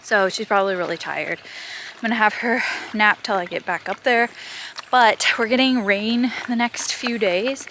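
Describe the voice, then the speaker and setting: A woman's voice: mid-range voice, pushed and bright, a little hiss or hum. Chatty woman vlogging outdoors on a farm. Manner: chatty, laughs often, rambling asides. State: out of breath. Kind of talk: casual vlog chat.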